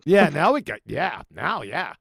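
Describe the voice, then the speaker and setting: A man hosting a casual live panel chat, animated and mocking, laughing often. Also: on the high side, measured pace, vocal fry, husky, dry recording, studio quality. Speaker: stream host.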